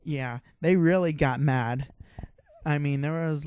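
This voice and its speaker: An excitable young man with a fairly high voice, co-hosting a casual podcast. He tells his story with a lot of swearing and animated energy. The sound is dry and close, with no room echo. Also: slow pace, smooth. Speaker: podcast co-host. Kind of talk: casual chat.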